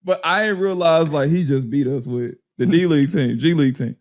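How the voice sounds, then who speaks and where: A man casually telling a story on a podcast, slangy and animated, often laughing. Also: a little high, brisk. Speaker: podcast guest, former player.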